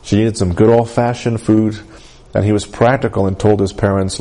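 A man preaching a sermon to a congregation, often asking "Amen?" and lifting his voice for emphasis. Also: moderate pace. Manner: animated, rising pitch for emphasis, calls of "Amen?".

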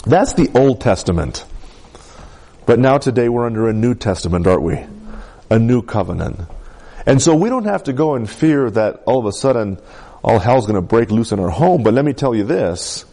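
Mellow-voiced male preacher, lively delivery. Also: mid-range voice, normal speed. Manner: conversational, asks the congregation for responses. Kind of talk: sermon.

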